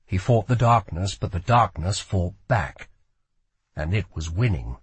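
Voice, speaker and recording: A man narrating a fantasy audiobook with slow, expressive storytelling. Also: deep voice, husky, no room sound. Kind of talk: scripted narration.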